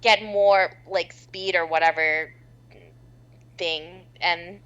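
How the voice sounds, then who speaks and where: A woman's voice: on the low side, fairly even intonation, takes it slowly, a bit bright, clean tone, dull audio. A woman chatting casually as a tabletop game player, hesitant and loose.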